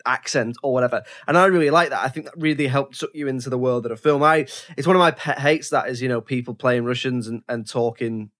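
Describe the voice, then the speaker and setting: A man's voice: medium pitch, a bit bright. A man co-hosting a casual film podcast, thinking aloud with frequent restarts and fillers. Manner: thoughtful, many restarts and fillers.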